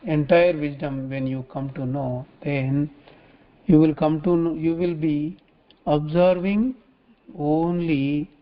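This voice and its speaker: A man teaching scripture in a religious talk, halting often and repeating phrases as he restarts. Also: a little high, steady tone. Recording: dull lo-fi recording.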